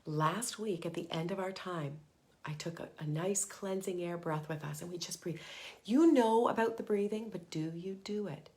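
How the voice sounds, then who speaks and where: Middle-aged woman, parenting coach, emphatic live talk, fairly low voice, whispers mantras. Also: normal speed, a little mellow. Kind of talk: live motivational talk to moms.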